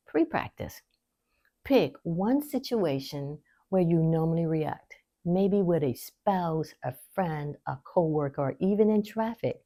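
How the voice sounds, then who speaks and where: A woman hosting a faith-based wellness talk, speaking straight to her viewers in an encouraging, teaching way and laughing easily. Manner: warm encouraging teaching, lively pitch swings, laughs easily. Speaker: host.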